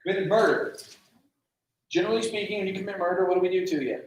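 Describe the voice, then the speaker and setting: Man, casual Bible lesson, lively teaching, high voice, echoey hall, mic far off. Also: fast talker, muffled recording. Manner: animated, asks the class questions, acts out quotes.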